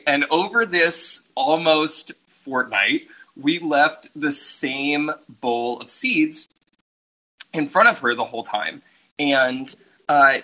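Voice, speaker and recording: A young man co-hosting a podcast, telling stories in a casual, animated way and laughing often. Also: on the high side, breathy edge, low-quality recording. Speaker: podcast co-host. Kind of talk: casual chat.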